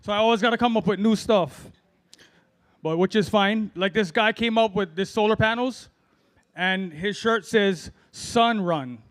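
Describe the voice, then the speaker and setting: A man from Hawaii with a fairly high voice works through an open-mic stand-up set. He rambles, fills gaps with ums and long pauses, and sounds middle-aged. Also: fairly bright tone. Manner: rambling storytelling with fillers and drawn-out pauses. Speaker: amateur stand-up comic.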